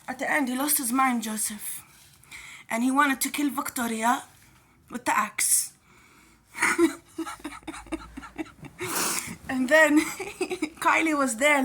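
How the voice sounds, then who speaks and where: A woman's voice: high voice, bright, forceful tone, slight background noise. A woman casually retelling a story, often repeating her phrases.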